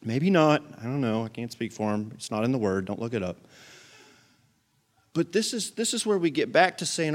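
A man's voice: mid-range voice, big pitch swings, normal speed. A man preaching a sermon as pastor in a church, building to emphatic peaks and dropping into joking asides.

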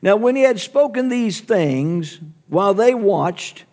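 A man's voice: high voice, lively intonation, takes it slowly, darkish tone. A middle-aged man preaching a sermon, calling out to the congregation as he teaches. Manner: preaching with congregational call-outs. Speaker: pastor.

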